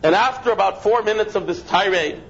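High-voiced man giving a lecture. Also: brisk, a bit bright. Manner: conversational, restarts and asides. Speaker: rabbi. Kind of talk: lecture with storytelling. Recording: dull lo-fi with faint noise.

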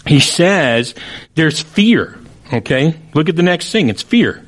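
A man's voice: a little high, very animated, takes it slowly. A male preacher giving a conversational sermon to a live audience, with joking asides and acted-out quotes. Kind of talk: casual sermon.

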